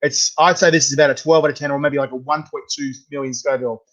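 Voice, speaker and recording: An Australian man hosts a casual interview, chatty and stumbling as he repeats words. His voice sits fairly high. The recording sounds dull and lo-fi. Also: steady tone, quick pace, fairly bright tone. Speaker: podcast host.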